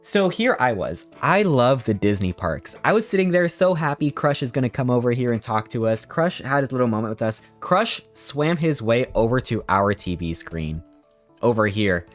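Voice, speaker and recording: A man streamer giving a casual, sarcastic, animated recap of a trip. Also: medium pitch, moderate pace, soft background music.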